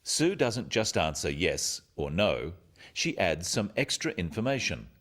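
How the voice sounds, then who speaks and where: Casting: deep-voiced male narrator, highly animated intonation, clear and instructive, scripted lesson narration. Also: unhurried.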